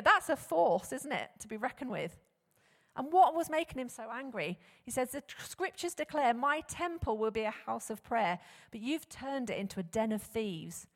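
A woman preaching a sermon, animated and conversational, often posing rhetorical questions to the congregation. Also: on the high side. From England. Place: church hall. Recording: long hall reverb.

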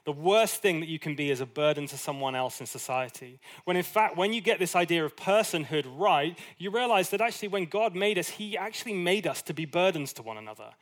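A man preaching a sermon in an easygoing, animated way. He talks as if chatting with the congregation, with asides and quick acted quotes, in a voice that sits a touch high for a man. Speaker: pastor.

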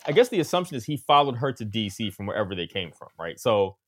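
A man hosting a casual film podcast, his voice swinging widely up and down as he talks. He acts out his own reactions in quick asides and keeps a loose, chatty rhythm. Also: lowish voice. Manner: animated, acts out quotes, frequent "like". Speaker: podcast host.

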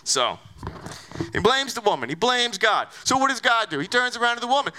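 Brief: male pastor giving a sermon, high, lively voice, conversational and animated, lots of rhetorical questions. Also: fairly quick, slight background noise.

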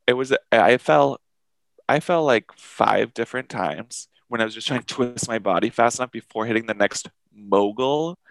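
A man co-hosting a podcast, telling a story in a casual, profane, animated way and acting out what others said. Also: medium pitch, normal speed, gravelly, no echo, low-quality recording. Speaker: podcast co-host.

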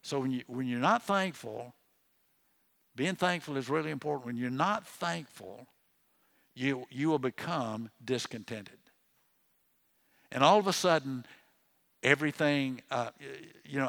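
A man's voice: medium pitch, measured pace, creaky, long pauses, fairly bright tone. An older man, a pastor, preaching a sermon in a conversational way, often restarting his sentences and turning to the congregation with asides. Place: church.

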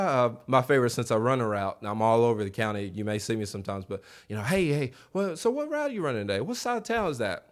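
A man preaching a revival sermon in a church, animated, acting out quoted voices and calling on the congregation to answer back. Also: mid-range voice, fast talker, hardly any pauses. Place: church sanctuary.

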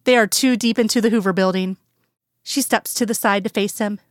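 A woman reading a fanfiction story aloud in calm, plain storytelling narration. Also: medium pitch, fairly quick, no echo, clean studio sound. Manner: calm storytelling, plain voices for quoted characters. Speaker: fanfiction reader. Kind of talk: scripted narration.

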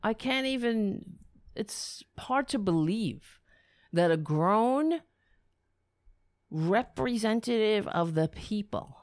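A woman delivers solo commentary in an indignant, incredulous rant, throwing out rhetorical questions. Her pitch is animated and climbs high when outraged, though she speaks at an unhurried pace. The sound is dry and close. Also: no echo. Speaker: political commentator.

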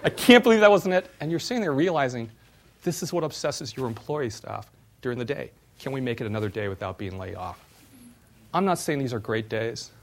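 A middle-aged man, a former startup CEO, giving a university talk and telling personal stories in an animated way. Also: lowish voice. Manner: animated storyteller, voice jumps up when retelling exchanges.

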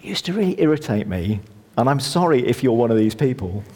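A middle-aged man preaching a sermon in a conversational, lively way with touches of self-deprecating humour. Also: medium pitch, a little fast. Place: church hall. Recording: long church reverb.

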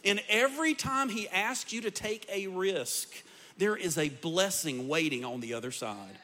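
A man preaching to his congregation as their pastor. His voice sits high and rings bright, and he builds each point with rising intensity. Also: expressive, unhurried. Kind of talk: sermon.

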